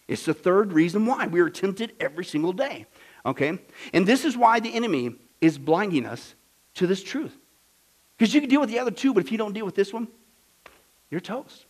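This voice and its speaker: A man preaching a sermon, fiery and emphatic, swinging from loud declarations to hushed storytelling. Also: sits high, rough recording.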